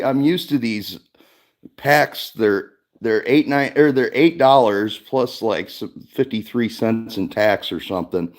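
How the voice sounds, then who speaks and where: A man hosting a casual livestream from his garage, talking in a rambling, laid-back way and swearing often. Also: on the low side. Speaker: livestream host.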